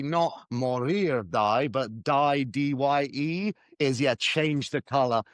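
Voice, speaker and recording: A man with a high voice co-hosts a language podcast. He jokes quickly and pauses to spell out and explain words for listeners. The recording is close and dry. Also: smooth, no echo. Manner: quick, laughing, explains vocabulary. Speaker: podcast co-host and English teacher. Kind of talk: casual chat.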